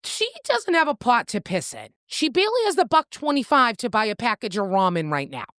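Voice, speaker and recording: Lively woman retelling a story. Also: fairly high pitch, a little fast, no echo, studio quality. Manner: animated plot retelling with acted-out quotes and swearing. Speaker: podcast co-host. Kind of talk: casual book-club chat.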